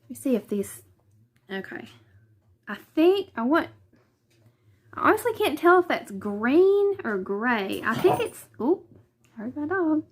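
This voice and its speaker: A woman's voice: high-pitched, very animated, a little slow, long pauses. A woman with a Southern US accent chatting casually through a quilting unboxing in her living room, hesitant and thinking aloud as she goes. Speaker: vlogger.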